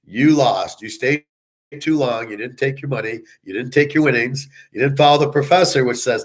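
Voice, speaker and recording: Guy ranting, cussing a lot, scornful and blunt, mid pitched voice. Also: normal speed. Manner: blunt, scornful, swearing often. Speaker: sports handicapper and commentator. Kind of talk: profane ranting monologue.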